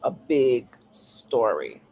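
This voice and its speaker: A woman author being interviewed, talking thoughtfully with frequent pauses, ums and restarts. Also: a bass voice, very animated, a little mellow, a little hiss or hum, rough recording. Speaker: author guest. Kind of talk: casual interview talk.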